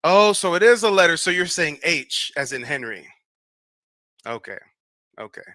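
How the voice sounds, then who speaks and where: American guy hosting a live show, sharp bright voice, dry close sound, keeps badgering and mocking. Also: a little high, very animated, moderate pace, no room sound. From United States. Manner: mocking, interrogating, repeats demands. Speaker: livestream host. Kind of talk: confrontational live debate.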